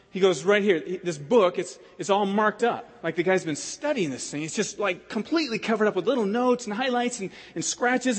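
A male pastor tells stories from the pulpit with lots of animation, acting out each character's lines. His voice sits fairly high for a man. The sound carries a long reverb from a large hall. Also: husky. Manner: animated, acts out voices and laughs while telling stories. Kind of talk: sermon storytelling.

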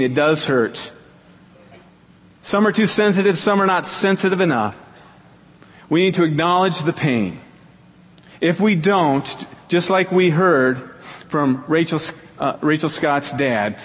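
A man's voice: unhurried, slightly rough. A middle-aged male pastor preaching a sermon, telling stories earnestly, repeating key phrases for emphasis. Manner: acts out quoted people in a higher voice. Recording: long hall reverb.

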